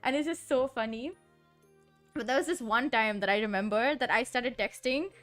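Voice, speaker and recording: A woman's voice: a little high, normal speed, a bit bright, soft background music. Giggly rambling young-sounding woman. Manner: giggly, rambling, heavy use of filler "like". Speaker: streamer. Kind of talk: casual chat.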